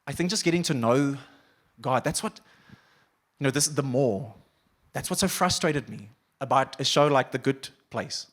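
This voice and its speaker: A man preaching a sermon as pastor, animated, acting out quoted voices and dropping to quiet intensity. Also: medium pitch, normal speed. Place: church auditorium.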